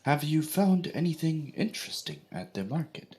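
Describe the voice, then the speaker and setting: A man playing a tabletop game, measured and slightly formal when speaking as his character. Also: on the high side, sing-song, a little mellow. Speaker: player. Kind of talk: tabletop role-play.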